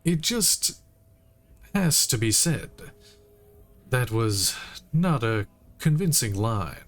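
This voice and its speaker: Male streamer reading game text aloud, unhurried and easygoing, speaking into a streaming mic. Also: medium pitch. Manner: relaxed, reads lines aloud with occasional asides.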